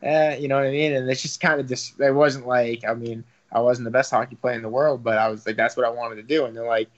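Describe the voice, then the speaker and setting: A man's voice: medium pitch, fairly even intonation, fast talker. A young man, a professional fighter talking casually in an interview, rambling with lots of fillers and some swearing. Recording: slightly dull lo-fi audio.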